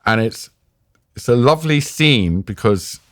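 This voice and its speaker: A middle-aged British man, a war journalist, recounting anecdotes in a lively, self-mocking way as a podcast guest. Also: medium pitch, unhurried, no echo, studio quality. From Britain. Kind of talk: animated anecdotal storytelling.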